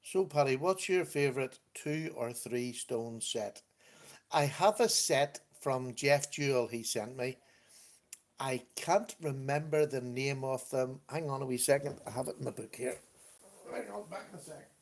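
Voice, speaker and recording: A man's voice: medium pitch, unhurried. A man hosting a casual livestream from his computer at home, chatting, laughing often and reading out viewer comments. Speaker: livestream host. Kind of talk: casual chat.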